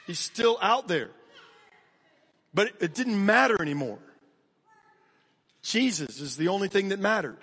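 An American pastor preaches an energetic sermon in a fairly high, slightly breathy voice, breaking off to talk directly to the congregation between points. His pace swings from quick bursts to slow, stressed phrases, and a long reverb tail suggests a large hall.

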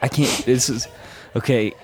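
A man co-hosting a podcast in casual chat, self-mocking and quick to laugh. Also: mid-range voice, steady tone. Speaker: podcast co-host. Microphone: podcast mic.

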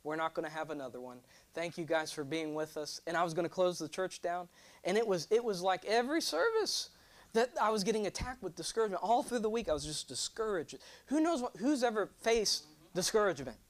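A young man preaching a sermon, animated and joking, drawing responses from his congregation. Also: high-pitched, brisk. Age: 20s. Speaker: pastor.

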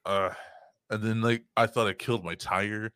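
A man's voice: on the low side, steady tone, moderate pace, bright, forceful tone, clean tone, no echo, clean studio sound. A young man hosting a podcast, telling stories in a rambling, profane casual chat full of fillers. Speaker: podcast host.

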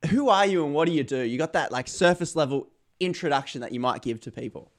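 An Australian man hosting a podcast interview, chatty and joking, often trailing off softly. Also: a little high, lively intonation, fast talker. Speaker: podcast host.

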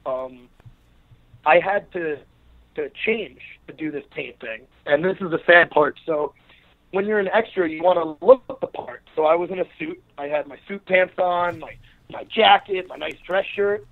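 A man's voice: fairly high pitch, normal speed, creaky. A man, a wrestler guest, telling a casual anecdote and acting out the people in it. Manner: acts out quoted people in an anecdote. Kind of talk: casual storytelling interview. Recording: tinny phone line.

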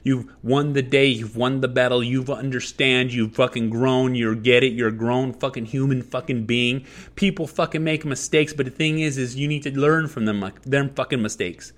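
A man's voice: medium pitch, steady tone, normal speed. A man hosting a podcast, giving blunt life advice in an emphatic, profanity-heavy monologue that circles back on its points. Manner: emphatic, heavy swearing, repetitive. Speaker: podcast host.

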